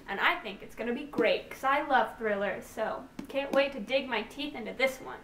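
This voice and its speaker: A young woman vlogger chatting casually and excitedly, rambling with lots of fillers as she gushes. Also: fairly high pitch, a little fast, few pauses. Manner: bubbly, gushing, rambling with fillers. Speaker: book vlogger. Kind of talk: casual book haul chat. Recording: echoey room, distant mic, faint hiss.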